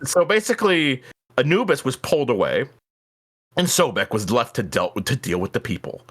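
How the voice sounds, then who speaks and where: Animated, ranting male streamer. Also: mid-range voice, moderate pace. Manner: animated, ranting, swears a lot. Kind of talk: casual chat.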